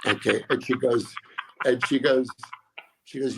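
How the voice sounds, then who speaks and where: A man's voice: mid-range voice, steady tone, a little slow, creaky, background noise. A middle-aged man, a comedian and guest, telling long, self-mocking stories in casual chat, often stopping and restarting his sentences. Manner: rambling, self-mocking anecdotes with many restarts. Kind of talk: casual storytelling interview.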